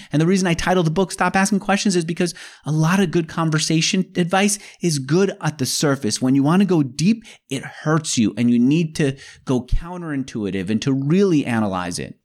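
A man's voice: mid-range voice, animated, brisk, hardly any pauses. A man speaking as an interview guest, explaining his ideas in an emphatic, conversational way.

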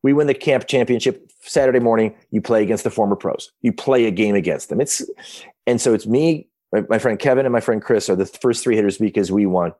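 A man in his fifties telling stories as a podcast guest, casual and animated, often restarting his sentences from his home office. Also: on the low side, fairly quick. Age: 50s. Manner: excited, animated retelling with many restarts. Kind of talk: casual storytelling.

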